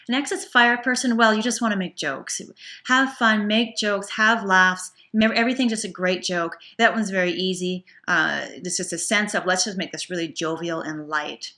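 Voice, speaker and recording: Chatty woman teaching acupuncture students. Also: medium pitch. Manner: chatty, warm, self-correcting with frequent restarts and small laughs. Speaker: acupuncture instructor. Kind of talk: relaxed lecture to students.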